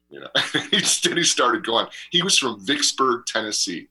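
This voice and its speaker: A man co-hosting a radio talk show, telling a rambling travel story in an animated way and laughing often. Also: mid-range voice, moderate pace, breathy edge. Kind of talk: casual chat and travel storytelling.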